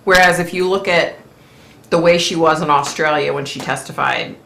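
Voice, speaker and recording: A woman hosting a casual live-stream chat, chatty and opinionated, clearing her throat often as her voice wears out. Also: deep voice, normal speed, a bit bright, echoey room. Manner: chatty, opinionated, frequent fillers. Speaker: host.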